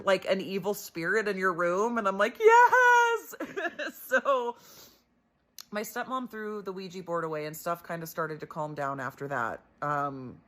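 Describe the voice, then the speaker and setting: A woman's voice: mid-range voice, pushed and bright. A young woman hosting a storytelling video, retelling a scary personal experience in a chatty way with many fillers. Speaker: storyteller host. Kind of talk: casual storytelling.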